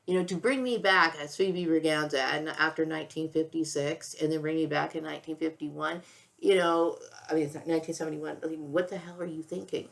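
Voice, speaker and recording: A woman's voice: low voice, steady tone, fairly quick, vocal fry. A woman in her sixties speaking in an emotional, rambling personal monologue, near tears, with many restarts and frequent "okay?" and "you know.". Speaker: vlogger.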